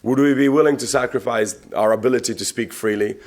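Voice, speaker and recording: Male economist from the Czech Republic, mid-pitched, conversational lecture with rhetorical questions and stumbling repeats. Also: fast, a little mellow. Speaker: economist giving a talk. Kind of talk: public talk. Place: conference venue.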